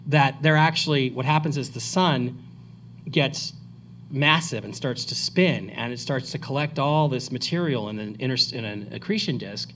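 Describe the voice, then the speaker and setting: A man speaking at a conference and taking audience questions, rambling and animated, often restarting his sentences. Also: mid-range voice, moderate pace, slight background noise. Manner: rambling, animated, self-correcting. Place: lecture hall.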